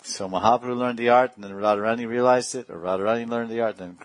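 A man's voice: medium pitch, fairly even intonation, fast talker, dry recording. A man giving a devotional discourse as a spiritual teacher, talking in a digressive way and chuckling often.

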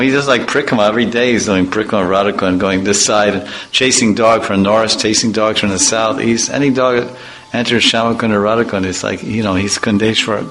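Bright-voiced man telling playful stories. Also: medium pitch, rough recording. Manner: chatty, playful storytelling, acts out voices. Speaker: devotional speaker. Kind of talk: informal religious talk with anecdotes.

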